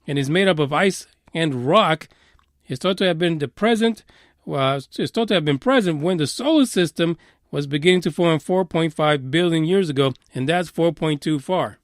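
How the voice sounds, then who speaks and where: A man hosting a podcast in a profane, sarcastic rant, swinging between loud outbursts and low mutters. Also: animated, normal speed, dry recording, studio quality. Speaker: podcast host. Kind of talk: ranting podcast commentary.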